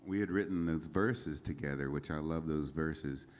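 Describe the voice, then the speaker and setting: A man's voice: very deep voice, normal speed, a little mellow. A man telling rambling stories between songs on a small concert stage, with many fillers and chuckles. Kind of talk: casual onstage storytelling.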